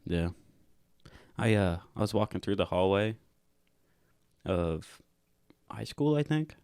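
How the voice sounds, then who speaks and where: A young man with a very low voice chats on a podcast, wandering through his stories with "like" after every few words. His voice is close and dry, with no room sound around it. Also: lively intonation, takes it slowly, vocal fry, a little mellow, clear, resonant tone, no room sound. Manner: rambling, heavy use of "like" fillers. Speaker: podcast co-host. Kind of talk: casual chat.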